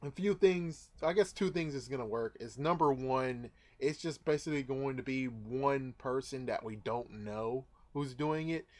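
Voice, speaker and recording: A man's voice: mid-range voice, a little slow, few pauses, darkish tone. A young man casually reviewing an action figure, chatty and rambling with lots of asides. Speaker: toy reviewer. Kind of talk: casual toy review vlog.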